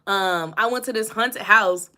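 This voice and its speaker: A woman's voice: medium pitch, a little slow, pushed and bright. A young woman, hosting a casual livestream on her phone, chatting and reading out viewer comments. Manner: chatty, answers viewer comments, laughs often. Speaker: host.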